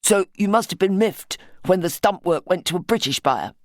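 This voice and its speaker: A woman's voice: fairly low pitch, lively intonation, normal speed, no room sound, studio quality, lightly acted. A woman reading the part of a direct, eager young man in an audiobook. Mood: curious.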